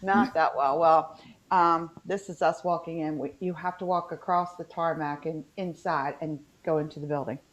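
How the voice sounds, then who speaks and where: Co-host, woman, West Virginian accent, low-ish voice, chatty and rambling, dull video-call sound. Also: fairly even intonation, moderate pace. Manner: chatty, rambling, with frequent ums. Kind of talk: casual chat on a video call.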